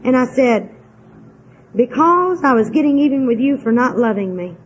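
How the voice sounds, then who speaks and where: A woman's voice: sits high, lively intonation, moderate pace, breathy edge, muffled recording. An older woman, candidly telling a personal recovery story in a homespun, frank way. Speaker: twelve-step speaker.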